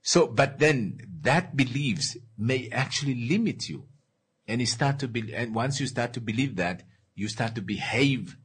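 Husky guy lecturing, voice goes up and down a lot, keeps asking if you get it. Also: medium pitch, lively intonation, measured pace. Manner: asks the listener questions, gives worked examples. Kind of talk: explanatory lecture.

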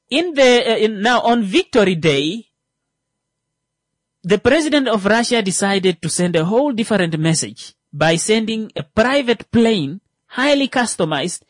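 A man doing stand-up comedy, animated, full of fillers and restarts, swinging between loud rising jokes and muttered asides. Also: high voice, dry recording.

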